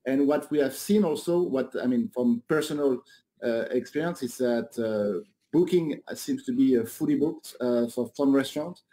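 A man guest in a radio interview, answering with many pauses and restarts. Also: medium pitch, mellow. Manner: hesitant, many fillers and restarts. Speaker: guest, guide director.

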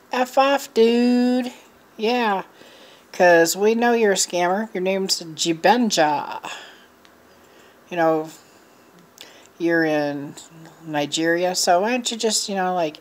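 Frustrated middle-aged woman venting. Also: mid-range voice. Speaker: vlogger. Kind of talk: casual chat to camera.

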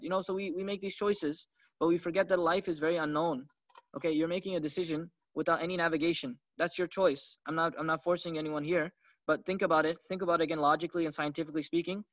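A man gives a religious lecture in a high, quick voice, talking conversationally and tossing in rhetorical questions. The sound is dry and close, with a dull, slightly lo-fi tone. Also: a bit bright, no room sound. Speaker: Islamic teacher.

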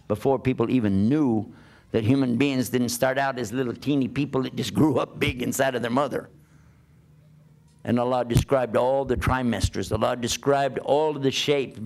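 A man giving a conversational sermon, asking his listeners rhetorical questions as he preaches. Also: mid-range voice. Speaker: Islamic preacher.

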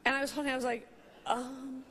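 Bright high-voiced woman telling stage stories. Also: fairly quick. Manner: rambling, animated, self-mocking, acts out quotes. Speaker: stand-up comedian. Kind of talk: stand-up storytelling. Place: stage before a live audience. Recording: audience laughter and faint noise.

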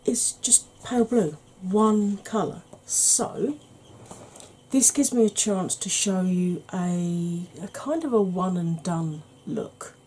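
Slow, mellow-voiced woman host. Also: mid-range voice, breathy edge. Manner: chatty, rambling, self-deprecating asides. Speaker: makeup channel host. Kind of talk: casual makeup tutorial chat.

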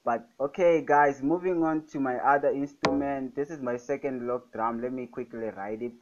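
With a steady tone at normal speed, a young adult man works through a music production tutorial on screen, enthusiastically saying "fire, guys" again and again. The recording is muffled with a little hiss or hum, and loud music plays in the background.

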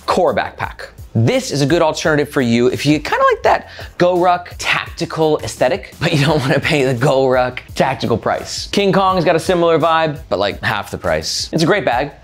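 Upbeat, slightly high-voiced man reviewing gear. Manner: energetic, jokey, talks straight to the viewer. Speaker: backpack reviewer, channel host. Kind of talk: casual product review. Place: mostly indoors, one stretch walking outdoors.

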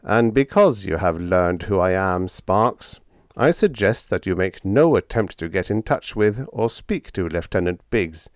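A man's voice: low-pitched, lively intonation, a little slow, no echo, studio quality. A man voicing a stern, grave male inspecting captain who speaks in a commanding way in a storybook reading.

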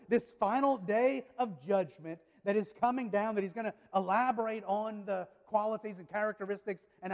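A man's voice: high voice, long reverb tail. Man, pastor, conversational sermon, repeats and restarts words, speaks to the congregation. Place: church sanctuary.

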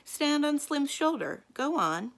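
A fearless, confident young girl detective from a children's mystery storybook, as a woman reads her. She talks back to bullies with challenging, self-assured lines, a little higher than the reader's usual voice. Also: big pitch swings, slow pace, creaky, fairly bright tone, full character voice. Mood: bold.

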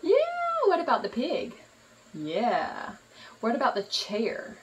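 A woman speaking as a mother to her baby, with a fairly high, very lively voice that swoops up and down. She talks in a slow, sing-song, encouraging way. A faint hiss sits behind her. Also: recorded from a distance, poor audio. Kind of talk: playful talk to a baby.

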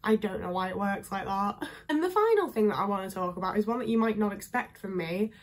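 A woman's voice: mid-range voice, animated, a little fast. A young woman with a northern English accent chatting casually to camera, full of filler words. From England. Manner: chatty, lots of fillers, candid. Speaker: vlogger. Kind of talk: casual talking-head chat.

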